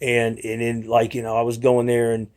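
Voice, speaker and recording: A man's voice: medium pitch, monotone, moderate pace, darkish tone. A young adult man talking in a casual rambling monologue, argumentative and frustrated, with many restarts. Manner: rambling, restarts often, mimics others in quotes. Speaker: video blogger.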